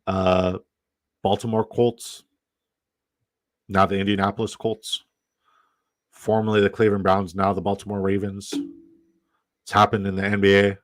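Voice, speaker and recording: A man from Canada talking loosely on a live stream, rambling and cursing and saying things twice. His voice sits low, and the sound is dry and close with no room echo. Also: flat delivery, normal speed, pauses often. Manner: rambling, profane, repeats himself. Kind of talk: casual live-stream chat.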